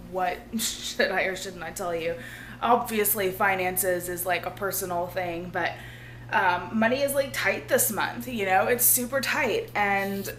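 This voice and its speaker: A woman, hoarse and losing her voice, talking casually and earnestly to her viewers in a rambling vlog, often laughing. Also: mid-range voice, a bit bright, a little hiss or hum. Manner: rambling, earnest, laughs often, drops to a near-whisper at times. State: losing her voice, feeling ill. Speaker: vlogger.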